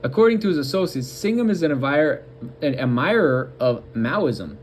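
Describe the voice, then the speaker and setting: A man with a somewhat high-pitched voice reads an article aloud on his commentary show. He stumbles and restarts now and then, and cuts in with sarcastic remarks of his own. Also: very animated, slight background noise. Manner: reads haltingly, breaking off for mocking asides. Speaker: political commentary host.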